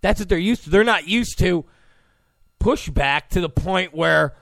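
A man's voice: high-pitched, a little slow, vocal fry, fairly bright tone, no echo, clean studio sound. A male political commentator giving an opinion monologue in a mocking way, often acting out the people he quotes. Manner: mocking, acts out quoted people in put-on voices.

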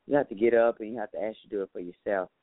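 A man's voice: on the low side, very fast, no room sound. A man hosting his own talk show in a casual, folksy monologue, chatting to listeners and calling them honey, a little tired. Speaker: show host. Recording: tinny phone-like line, dry.

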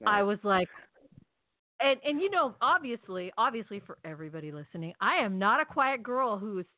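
A woman telling a long story in casual chat, animated and chatty, acting out her own lines. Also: mid-range voice, brisk, no echo. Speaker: podcast co-host. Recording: tinny phone-like call audio.

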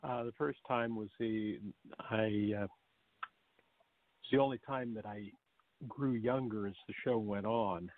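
Veteran stage actor, male, middle-aged, gravelly and measured, dry phone-like call audio. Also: lowish voice, steady tone, no room sound. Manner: halting, restarts, measured storytelling. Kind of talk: casual interview chat. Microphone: video call.

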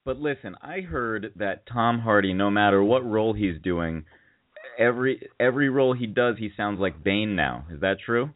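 A man's voice: fairly low pitch, lively intonation, normal speed, no echo. A man hosting a radio show, chatting casually and teasing his co-host. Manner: joking, teasing. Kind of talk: casual chat. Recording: tinny phone-like sound.

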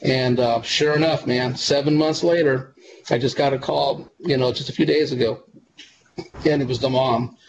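A man's voice: mid-range voice, steady tone, moderate pace. A man, a psychic medium guest, telling long earnest stories in a casual interview, with frequent fillers and restarts. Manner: rambling, earnest, many fillers. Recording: dull lo-fi with clear background noise.

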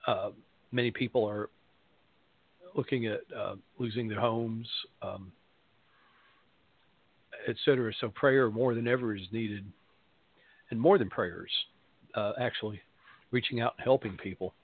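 A man's voice: on the low side, unhurried, pauses often, breathy edge. A middle-aged man with a Southern American accent, a pastor hosting a spiritual radio show, talking casually and rambling with many fillers and self-deprecating humor. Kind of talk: casual spoken radio monologue. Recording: dry, phone-like narrow sound.

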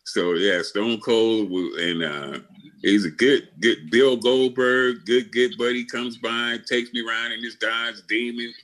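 A man's voice: medium pitch, fairly even intonation, a little slow, fairly bright tone. An older man telling his story as a podcast guest, blunt and full of swearing, often restarting his sentences. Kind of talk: casual interview storytelling.

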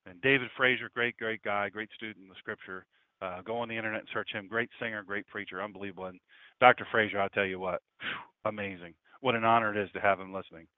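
A man preaching an impassioned broadcast sermon, swinging between loud declarations and hushed asides. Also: medium pitch, dry recording. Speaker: pastor. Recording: dry, phone-like lo-fi sound.

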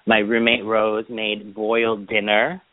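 A man co-hosting a podcast in Boston recounts his weekend in a lowish, level voice, a little slow. He's a chatty storyteller who acts out people's lines in put-on voices, heard through dry phone-line audio with no echo.

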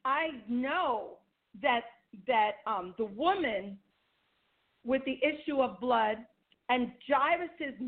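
A woman giving a sermon, reading scripture aloud and asking her listeners rhetorical questions. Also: on the high side. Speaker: women's ministry speaker. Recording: tinny phone line.

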